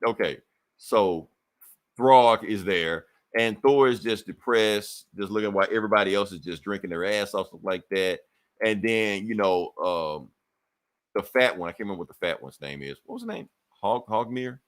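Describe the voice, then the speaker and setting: A man's voice: fairly low pitch, moderate pace. Man casually recapping a comic. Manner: animated storytelling, acting out characters' lines, profane. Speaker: podcast co-host.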